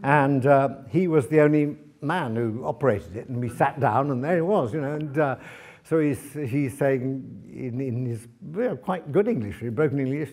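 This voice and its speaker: A man speaking as a guest author at a library event, telling lively travel anecdotes to an audience, with many fillers and restarts. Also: mid-range voice, moderate pace. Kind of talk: anecdotal talk to a live audience.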